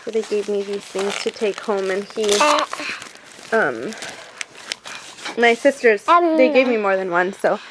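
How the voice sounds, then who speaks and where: Speaking at a measured pace with long pauses, this young woman records a casual mom vlog over background noise. Her expressive delivery is anxious and meandering, peppered with fillers and unfinished thoughts, and she switches to playful, high-pitched baby talk when addressing her son.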